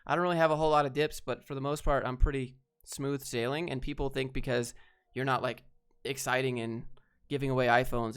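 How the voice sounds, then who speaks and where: A man on a casual livestream answering chat questions in a laid-back, low-energy way. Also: steady tone, fairly quick, a bit bright, clean tone.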